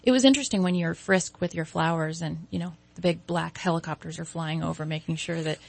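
Gravelly-voiced woman telling her story. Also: sits low, brisk. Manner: animated storyteller, acts out quoted voices. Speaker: guest, event designer. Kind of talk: casual interview chat.

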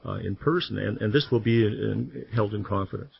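A man's voice: fairly low pitch, creaky, slightly rough, no echo. A man appearing as a guest on a radio show, speaking earnestly about civic volunteering and often stumbling and restarting. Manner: earnest, halting, with repeated restarts. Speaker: former grand jury member, studio guest. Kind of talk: radio interview. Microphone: studio microphone. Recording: slightly dull radio broadcast sound.

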